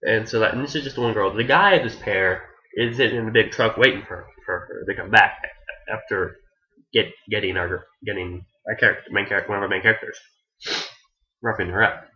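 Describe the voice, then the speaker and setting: A man's voice: fairly low pitch, brisk, sharp tone, dull audio. A man giving a casual, rambling anime review who restarts his sentences often and swears offhandedly.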